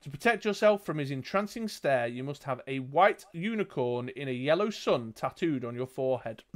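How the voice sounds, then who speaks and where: A man's voice: medium pitch, expressive, normal speed. A man narrating a gamebook as game master, with dry joking asides. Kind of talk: reading and narrating a gamebook playthrough.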